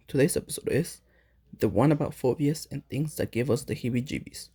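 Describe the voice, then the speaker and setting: A man's voice: medium pitch, a little fast, warm tone. A man co-hosting a podcast, chatting casually with dry, teasing jokes. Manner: dry teasing jokes between short backchannels. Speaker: podcast co-host. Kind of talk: casual chat. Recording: echoey room.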